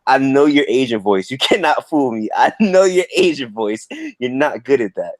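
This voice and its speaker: A man's voice: medium pitch, animated, moderate pace, no echo. A man hosting a livestream in a laid-back, joking, slangy way. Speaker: livestream host. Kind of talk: casual livestream chat.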